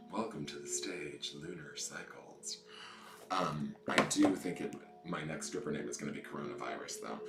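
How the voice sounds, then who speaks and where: Man, tarot stream host, playful and campy, lowish voice, roomy echo. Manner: playful, campy, joking asides. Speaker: tarot reader hosting a live stream. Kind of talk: casual live-stream chat. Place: indoors at home.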